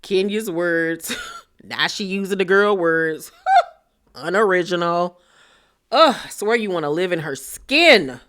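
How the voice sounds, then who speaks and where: A woman's voice: fairly low pitch, animated, slow pace, a bit bright. A woman voicing a blunt, sarcastic woman who mocks and laughs at others. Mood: mocking.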